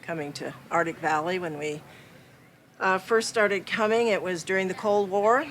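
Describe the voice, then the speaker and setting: An older man haltingly recalling weekends from decades ago in a documentary interview. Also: high-pitched, fairly bright tone, a little hiss or hum. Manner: halting, full of fillers.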